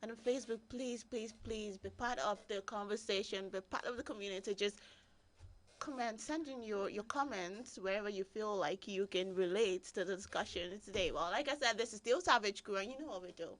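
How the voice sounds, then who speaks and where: A woman hosting a casual radio talk show from a studio, giggly and excitable. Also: medium pitch, a little fast. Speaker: host.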